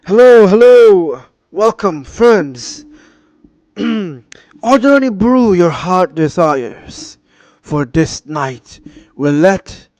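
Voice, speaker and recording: A man's voice: high voice, no echo, heavily acted. A man voicing a grand, pompous old tea house owner with a put-on Filipino accent. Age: older. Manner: pompous, proclaiming.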